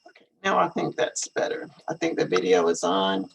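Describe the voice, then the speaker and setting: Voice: mid-range voice, moderate pace, gravelly, slightly rough, rough recording. An English teacher hosting a casual live stream over a video call, thinking aloud and repeating questions while fixing the setup. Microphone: computer video call.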